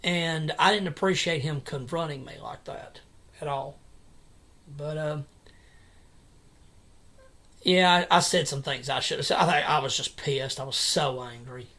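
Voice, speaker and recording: A man in an angry personal vlog rant at home at night, agitated and repetitive, with halting restarts. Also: on the high side, sharp tone. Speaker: vlogger.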